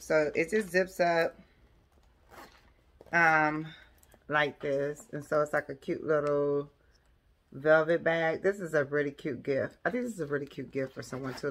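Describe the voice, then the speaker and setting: Low-voiced chatty woman. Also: a bit bright. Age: 40s. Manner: chatty, addresses viewers as y'all and girl. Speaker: lifestyle vlogger. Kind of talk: casual chat to camera. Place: at home, decorating a room.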